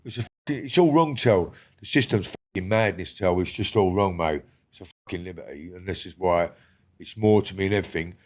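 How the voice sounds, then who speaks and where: A man's voice: deep voice, brisk. An older man, a guest on a podcast, talking bluntly with constant swearing and rambling restarts. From England. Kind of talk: casual interview talk.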